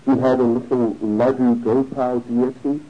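A man telling a religious story in a sermon, animated and given to chuckling. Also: mid-range voice, measured pace. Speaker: religious speaker. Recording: dull lo-fi recording.

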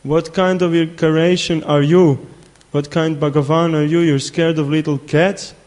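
A man's voice: fairly high pitch, steady tone, moderate pace, warm tone, lightly acted. A man doing a weary scolding mother. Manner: exasperated scolding. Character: weary mother, tired and short-tempered with her son.

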